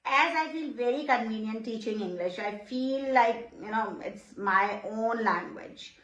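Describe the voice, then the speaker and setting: A middle-aged Pakistani-accented woman speaks slowly and with care, like a teacher who repeats each phrase for her students. Her voice sits a little high. It rings in an echoey room. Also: animated, fairly bright tone. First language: Urdu. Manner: repeats phrases, checks in with "Okay?". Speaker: language teacher. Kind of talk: slow, patient classroom explanation.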